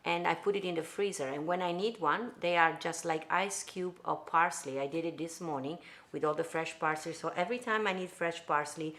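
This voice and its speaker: Her voice sits low and a bit bright, and she talks a little fast. She's the host of a live-streamed cooking show from her own kitchen in Italy, chatting in loose English with an Italian accent and calling out viewers by name.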